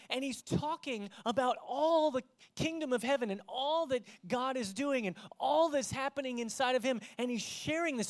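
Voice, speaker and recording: Before a live church congregation, a pastor with a medium-pitched voice preaches a sermon. He swings between loud emphasis and hushed tones and puts direct questions to his listeners.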